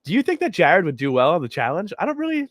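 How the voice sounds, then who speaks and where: A man's voice: sits high, huge pitch swings, fast, no room sound, studio quality. A man co-hosting a reality TV podcast, speaking in a hesitant, casual way and bringing up listener comments. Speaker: podcast co-host. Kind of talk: casual chat.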